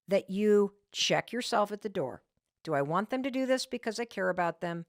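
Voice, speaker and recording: Lively, animated woman podcast host. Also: mid-range voice, no room sound, clean studio sound. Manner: animated and emphatic, with frequent restarts. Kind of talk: motivational storytelling to listeners.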